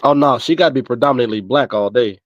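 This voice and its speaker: A man's voice: mid-range voice, fast, no echo, dull audio. A man on a podcast video call, answering a host's dating quiz in a laid-back way with blunt slang. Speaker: podcast guest taking a quiz. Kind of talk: casual group chat on a video call.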